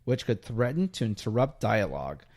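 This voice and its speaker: A man on a casual podcast, reading a passage aloud and chatting softly with his co-hosts. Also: fairly low pitch, sing-song, moderate pace. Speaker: podcast co-host.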